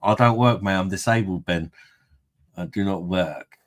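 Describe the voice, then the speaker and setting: A man's voice: deep voice, normal speed. A man hosting a casual livestream, reading out viewer comments, jokey and rambling, tipsy from beer and laughing often. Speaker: livestream host.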